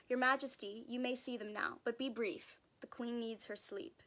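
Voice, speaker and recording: A woman reading a storybook aloud voices a brisk castle midwife announcing news to the king. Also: a little high, fairly even intonation, a bit bright, natural voice.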